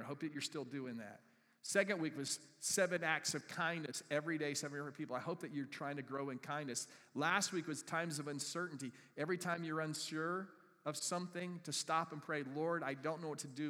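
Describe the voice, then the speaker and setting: A man's voice: medium pitch, fairly bright tone. A man preaching a conversational sermon as a pastor, putting questions to his congregation. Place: church sanctuary. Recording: church hall reverb.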